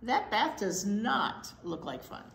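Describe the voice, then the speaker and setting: A woman's voice: medium pitch, big pitch swings, slow pace, vocal fry, fairly bright tone, exaggerated voice. A woman doing a whiny, stubborn little skunk. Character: fussy young male skunk. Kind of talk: children's picture-book read-aloud. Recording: echoey room.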